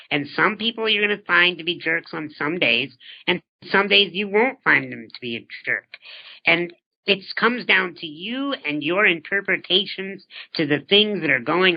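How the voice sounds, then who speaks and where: A man's voice: high-pitched, vocal fry. A man in his thirties, an interview guest, talking earnestly and reflectively, often posing rhetorical questions and repeating words as he starts a thought. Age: 30s. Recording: dull lo-fi recording.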